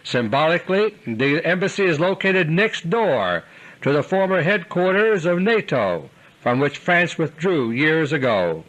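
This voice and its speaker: Earnest man reading a lively scripted commentary. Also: on the high side, poor audio. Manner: deliberate, earnest, slowing for emphasis. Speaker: commentator delivering a recorded audio letter. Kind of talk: scripted political commentary monologue.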